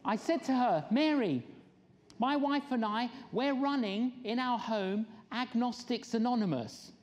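A woman's voice: a little high, measured pace, a little hiss or hum. A middle-aged woman, preaching a sermon and telling stories, acting out the people she quotes. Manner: animated storyteller, acts out quoted people with laughs. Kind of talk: sermon storytelling.

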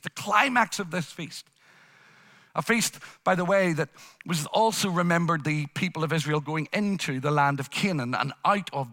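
A man's voice: fairly high pitch, sharp tone. A man preaching a sermon in an impassioned style, building through repeated phrases. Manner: impassioned, repetitive preaching cadence.

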